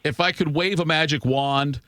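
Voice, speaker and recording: A man's voice: fairly high pitch, normal speed, pushed and bright, no room sound, studio quality. Teasing male sports show host. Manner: teasing, asks long rambling questions. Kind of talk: morning sports talk show.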